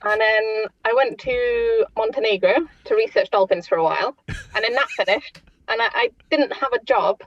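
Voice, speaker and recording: A young woman from the UK, a podcast guest telling her travel story in a quiet, understated way. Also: a little high, normal speed, highs cut off. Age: young adult. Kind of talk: casual chat.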